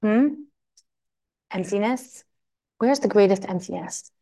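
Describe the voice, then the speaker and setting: A married woman teaching a Torah class to women, telling a story in a lively way and acting out the quotes. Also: medium pitch, slow. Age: adult. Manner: animated storytelling, acts out quotes.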